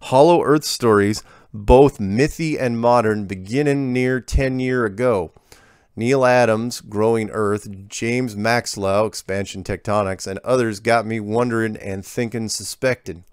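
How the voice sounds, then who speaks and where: A man's voice: on the low side, clean tone, no room sound, studio quality, lightly acted. Man putting on a cranky old country drawl. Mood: folksy. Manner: slow folksy country drawl, ungrammatical. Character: cranky retired old rural man, folksy.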